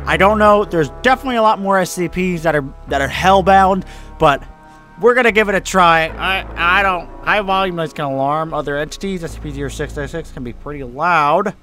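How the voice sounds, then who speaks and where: A man's voice: a little high, brisk, sharp tone, soft background music. A young man doing let's play commentary on a horror game, jumpy and swearing, screaming when scared. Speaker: gaming YouTuber.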